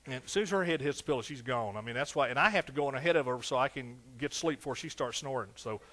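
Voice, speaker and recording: A man's voice: mid-range voice, quick pace, fairly bright tone, slight background noise. A man in his sixties with an East Texas accent, preaching a sermon with fervent exclamations and folksy storytelling. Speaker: pastor.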